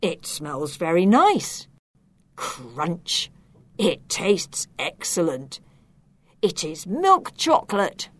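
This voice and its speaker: A greedy goat inspector from a children's storybook, as a woman reads him. He weighs every word slowly and pompously. The sound is dry and up close. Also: fairly low pitch, wildly swooping pitch, no echo, exaggerated voice. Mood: deliberate. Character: greedy male goat inspector, jury president. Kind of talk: storybook character voice.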